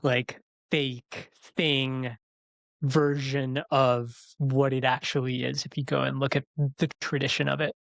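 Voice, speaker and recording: A man's voice: medium pitch, little pitch movement, measured pace, gravelly, fairly bright tone. A man who co-hosts a podcast and teaches yoga, explaining things in an opinionated, conversational way. His voice is recorded close and dry, with no room echo. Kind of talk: casual chat.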